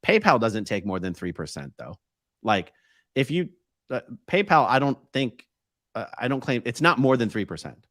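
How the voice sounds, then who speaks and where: A man co-hosting a casual live stream, reading viewer comments aloud and thinking out loud. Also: medium pitch, very animated, moderate pace, dry recording, studio quality. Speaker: co-host reading chat questions.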